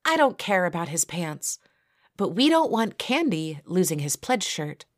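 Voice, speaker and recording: A woman's voice: on the low side, sing-song, unhurried, dry recording, studio quality, pitched above the performer's own voice. A woman voicing a taunting young sorority sister who teases and giggles, in an audio story. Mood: mocking. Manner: teasing, giggly.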